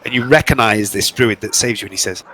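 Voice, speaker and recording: A man's voice: fairly low pitch, fast, sharp tone, slightly rough, rough recording. A man narrating a tabletop game as game master, chatty and casual with many fillers.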